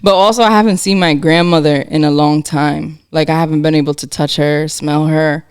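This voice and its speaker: Heartfelt man with a slightly high, smooth voice. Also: steady tone, normal speed, no echo, studio quality. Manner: heartfelt, open about feelings. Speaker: podcast co-host. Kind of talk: casual podcast chat.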